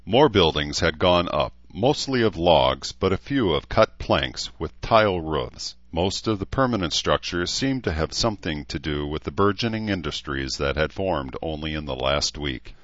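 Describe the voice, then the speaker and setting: Deep male narrator, measured, animated pitch, dry and muffled recording. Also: no room sound. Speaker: audiobook narrator. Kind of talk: scripted narration. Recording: dull, dry studio read.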